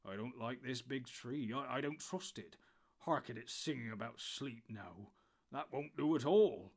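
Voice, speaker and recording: A man's voice: mid-range voice, measured pace, gravelly. A man doing a blunt, rustic hobbit servant. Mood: determined. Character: loyal, plain-spoken male hobbit servant.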